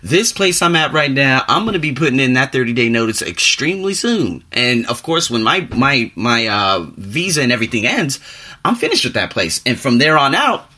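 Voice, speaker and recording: A young man giving a rambling, motivational vlog monologue in a casual, animated way. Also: moderate pace, breathy edge. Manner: animated, rambling, pitch jumping up for emphasis. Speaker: vlogger and teacher.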